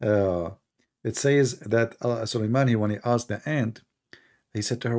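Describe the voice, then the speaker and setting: Hosting a heated debate by call, a man speaks at medium pitch with a slightly mellow tone. He mocks and quizzes his guest bluntly, recites Arabic verses fast, and sounds worn out from long talking.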